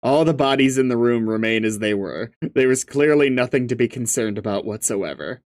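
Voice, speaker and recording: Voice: mid-range voice, normal speed, darkish tone, no echo. A casual narrator reading a webcomic aloud, with laughing, swearing asides. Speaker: webcomic reader.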